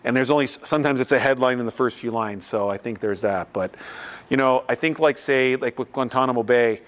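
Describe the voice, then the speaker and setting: A man's voice: medium pitch, fairly quick, a bit bright. A man from Canada, giving a casual, conversational lecture and taking questions in a lecture room. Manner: conversational, loose, acts out others' voices. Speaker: visiting artist giving a lecture.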